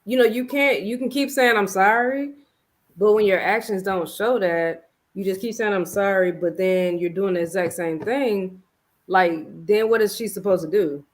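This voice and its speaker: A woman's voice: medium pitch, moderate pace. Candid woman recapping reality TV. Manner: candid, animated storytelling, slangy. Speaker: podcast host. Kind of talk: casual reality TV recap chat.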